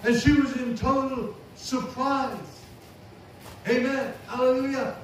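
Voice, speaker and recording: A man's voice: very high voice, little pitch movement, takes it slowly, slight background noise. A man preaching a sermon, punctuating his points with amen and hallelujah. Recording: echoey hall recording from far off.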